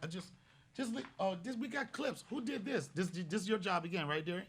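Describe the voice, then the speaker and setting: A man hosting a comedy podcast, telling stories in a casual, profane way and bursting into loud shouted bits. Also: high voice, fairly quick.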